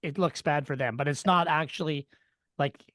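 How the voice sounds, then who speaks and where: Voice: medium pitch, normal speed, fairly bright tone, no echo. A podcast host asking questions in a casual interview, talking loosely with fillers and trailing phrases.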